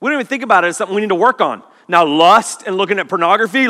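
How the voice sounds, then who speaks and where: Pastor guy in his 30s preaching, kinda high voice, acts out the stories. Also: very fast, hardly any pauses. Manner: animated storytelling with acted-out quotes. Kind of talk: sermon. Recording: long hall reverb.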